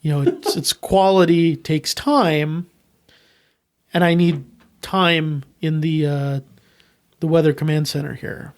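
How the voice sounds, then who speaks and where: A stammering, defensive new meteorologist, improvised by a comedy podcaster, dodging questions with halting fillers. The delivery is slow and drawn out. It plays as a loose improv scene. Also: medium pitch. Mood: evasive. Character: evasive new station meteorologist.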